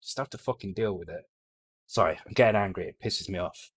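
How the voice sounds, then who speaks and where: Low-voiced British man streaming live code. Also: a little fast, husky. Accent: British English. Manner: blunt, swears freely, trails off and restarts mid-thought. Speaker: streamer coding a retro game. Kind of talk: live coding stream, thinking aloud. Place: home.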